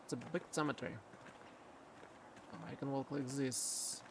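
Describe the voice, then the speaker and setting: Streamer, mid-pitch, halting, reads game text aloud in casual commentary. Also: fairly even intonation, noisy background. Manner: thinks aloud, halting with repeated words. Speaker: streamer playing a narrative game.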